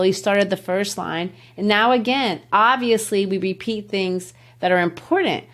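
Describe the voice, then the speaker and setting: A middle-aged woman teacher hosting a literature podcast. She explains a poem in a teacherly, emphatic way, and her voice sits at an ordinary middle pitch. She stretches out key words and rushes through asides. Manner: teacherly, emphatic, shifts pace to stress words.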